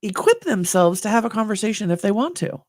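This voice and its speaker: A woman's voice: mid-range voice, very animated, brisk, a little mellow, no echo, clean studio sound. A woman co-hosting a candid podcast conversation, talking with effusive, emotional enthusiasm. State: slightly choked up. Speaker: podcast co-host.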